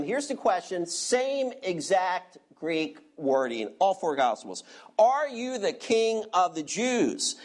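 Man, pastor, expository sermon, emphatic, rhetorical questions, directs listeners to verses. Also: high-pitched.

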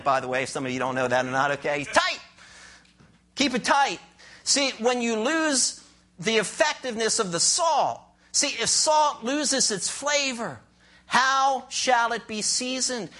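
A man's voice: high-pitched, sharp tone. A male pastor preaching a sermon with emphatic delivery and frequent rhetorical questions to his congregation.

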